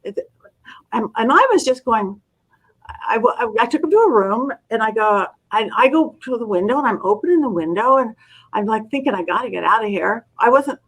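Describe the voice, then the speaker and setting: A woman's voice: a little high, fairly quick, breathy edge, low-quality recording. A middle-aged woman, a guest psychic medium, telling stories in a casual interview and acting out the voices of the people in them. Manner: animated storyteller, acts out quoted voices.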